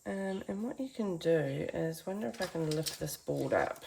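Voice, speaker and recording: A woman's voice: deep voice, expressive, normal speed, creaky, few pauses, dark tone, slight background noise. A woman giving a chatty, encouraging painting tutorial from her home art studio, talking to viewers as friends. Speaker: art teacher.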